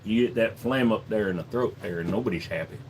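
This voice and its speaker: A man's voice: lowish voice, fast talker, a little hiss or hum. Jokey man hosting a livestream. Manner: jokey, slips into accent impressions. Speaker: livestream host. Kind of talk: casual livestream Q&A chat. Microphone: desk microphone.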